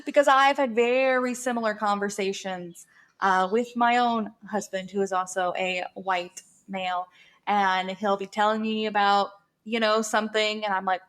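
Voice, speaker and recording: A woman's voice: on the high side, unhurried, a bit bright. A woman co-hosting a podcast, speaking in an emphatic, earnest, casual way. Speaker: podcast co-host.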